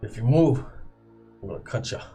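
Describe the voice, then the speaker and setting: A man's voice: mid-range voice, animated, moderate pace, mellow, faint music behind, lightly acted. Vengeful warlord voiced by a man, cold and menacing. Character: vengeful cruel male warlord, merciless.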